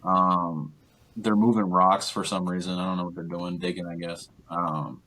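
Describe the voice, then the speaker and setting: A young man with a very low voice recaps a film for his co-host in loose, casual chat. He rambles, stacking fillers like "like" and "um" as he goes. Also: little pitch movement, normal speed, bright, forceful tone. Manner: rambling, filler-heavy retelling with lots of "like" and "um". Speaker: podcast co-host.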